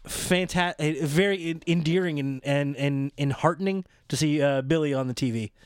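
A man co-hosting a casual chat about wrestling, excitable and rambling, often laughing as he talks. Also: a little high, moderate pace, smooth, no echo, studio quality. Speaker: podcast co-host.

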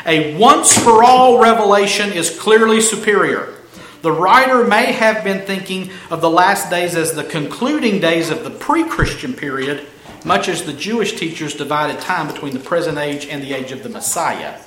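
A pastor preaches an expository sermon, pressing hard on key phrases and drawing them out slowly. His slightly high voice is bright and forceful, with lively intonation. The room echoes around him, with faint ambience in the background.

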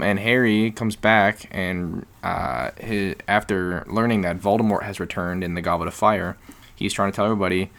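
A man's voice: deep voice, creaky, fairly bright tone. A man hosting a casual podcast chat, explaining at length in long turns and joking along the way. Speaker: podcast host.

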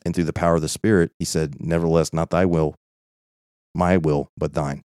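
A man with a very low voice teaches scripture in an earnest, conversational way. He drives points home and keeps checking in with his listeners. The sound is close and dry. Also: flat delivery, brisk, a little mellow, dry recording. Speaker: Bible teacher. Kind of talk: informal Bible study.

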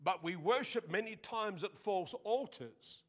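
A man preaching a sermon, telling a story in a lively way and acting out the quotes. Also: high voice, unhurried. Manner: animated storytelling, acts out quotes, laughs often.

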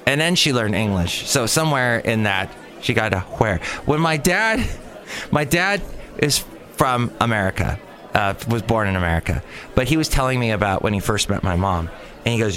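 A man's voice: mid-range voice, fairly bright tone. A man hosting a solo podcast, talking in a rambling, jokey way that drifts from topic to topic. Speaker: podcast host.

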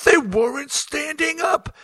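A man putting on the voice of his exasperated tour manager, shouting in disbelief. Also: extremely high pitch, unhurried, dry recording, studio quality, pitched above the performer's own voice, heavily acted. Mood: yelling.

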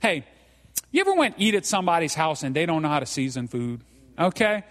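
High-voiced Cajun pastor in a reverberant church. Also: male voice, sing-song, a little fast, a bit bright. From South Louisiana. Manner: folksy and joking, tags lines with "okay?". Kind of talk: live sermon. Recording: reverberant hall.

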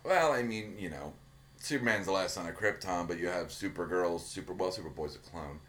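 A man with a somewhat low voice, talking on a casual podcast. He gushes, swears freely and trips over his own sentences as he goes. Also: brisk, fairly bright tone. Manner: enthusiastic, swears a lot, many restarts. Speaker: podcast co-host. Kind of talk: casual chat.

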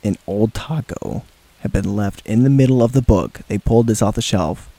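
A man's voice: on the low side, normal speed, creaky, mellow, breathy edge, no echo. A young man hosting a casual podcast, rambling with restarts and laughing often. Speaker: podcast host.

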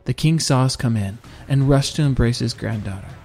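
A man narrating a first-person audiobook in a steady, measured reading. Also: medium pitch, soft background music.

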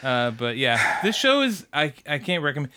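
Male podcast co-host, bright and smooth voice, relaxed but enthusiastic. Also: mid-range voice, moderate pace. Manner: enthusiastic, laid-back, stumbles over words. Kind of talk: casual chat.

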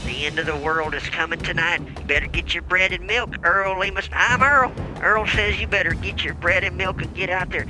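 A man voicing Earl, a folksy male coal miner turned weatherman, through a pitch-shifted effect, calling in on a noisy line. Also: normal speed, hardly any pauses, music in the background. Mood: excited. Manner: folksy, keeps repeating his own name. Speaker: caller doing the weather.

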